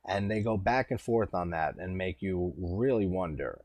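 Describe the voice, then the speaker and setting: A man in his thirties rambles through his own casual commentary in a very low, relaxed voice, dropping the odd curse along the way. The sound is dry and close, with almost no room around it. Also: normal speed, hardly any pauses, no echo. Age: 30s. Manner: rambling, laid-back, swears casually. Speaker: host.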